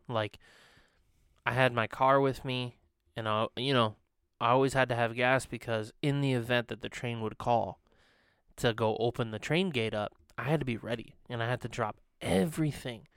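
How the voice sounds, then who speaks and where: Young man, podcast co-host, casual rambling chat, smooth voice, dry close sound. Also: medium pitch, moderate pace, a bit bright, no echo. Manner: rambling storyteller, full of fillers and laughs. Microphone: studio podcast mic.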